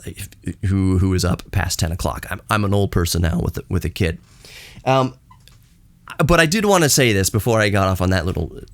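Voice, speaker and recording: A man in his late thirties hosting a podcast. He rants in a casual, blunt and sarcastic way, and his voice leaps high in disbelief, then drops low for asides. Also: vocal fry, dry recording. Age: late 30s. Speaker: podcast host. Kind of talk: casual ranting monologue.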